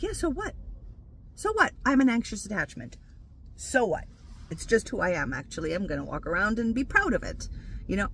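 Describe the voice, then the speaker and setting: A woman hosting her own spiritual channel, talking loosely and without a script, repeating herself and jumping up high when she voices her inner thoughts. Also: a bit bright, a little hiss or hum. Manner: repeats phrases, loose and unscripted. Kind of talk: casual spiritual talk to camera.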